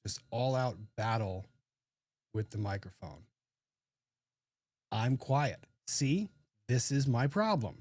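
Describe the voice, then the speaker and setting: A man hosting a live stream in a loose, chatty, self-deprecating way. His voice is dark and mellow, close on a desk microphone in a dry room with no echo. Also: medium pitch, lively intonation, takes it slowly, pauses often, slightly rough. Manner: chatty, self-deprecating, reads chat aloud. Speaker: livestream host. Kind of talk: casual livestream chat. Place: small home studio room.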